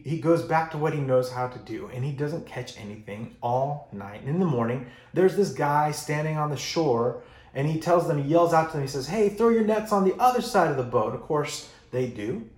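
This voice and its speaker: A male pastor preaching a sermon, telling a story with lively emphasis and going quiet for the solemn parts. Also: medium pitch, moderate pace, echoey room. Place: church.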